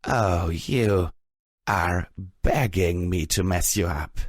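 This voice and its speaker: Guy putting on a nasty taunting bully mare, storybook audiobook, kinda low voice, dry sound. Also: slow pace, dry recording. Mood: threatening. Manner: sneering, taunting. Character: bullying female pony, menacing, spiteful.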